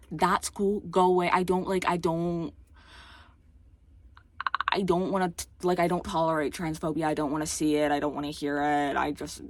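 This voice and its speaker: A woman's voice: on the low side, steady tone, moderate pace, long pauses, dry recording. A woman vlogging in a heated, exasperated rant, rambling and restarting, her speech a little slurred by a retainer and prone to voice cracks. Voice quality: occasional voice cracks. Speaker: YouTuber. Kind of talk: casual ranting vlog.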